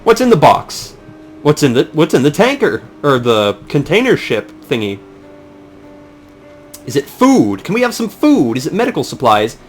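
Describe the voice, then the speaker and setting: A man's voice: a little high, wildly swooping pitch, normal speed, soft background music. A young man giving rambling, sarcastic, profane commentary while playing a game. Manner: rambling, sarcastic, swears a lot. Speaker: let's play commentator. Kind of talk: casual gameplay commentary.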